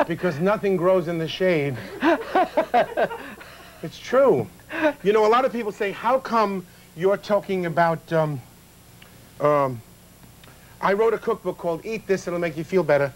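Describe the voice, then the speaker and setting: A high-pitched, excitable middle-aged man trading jokes as a guest cook. He talks in quick bursts and breaks into squealing laughs. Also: slight background noise, rough recording. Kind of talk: comic chat while cooking.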